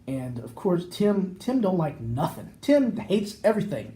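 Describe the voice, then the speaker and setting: A podcast co-host tells a long, rambling anecdote in casual conversation, animatedly acting out the people involved. His voice is high-pitched and a little slow, with slight background noise.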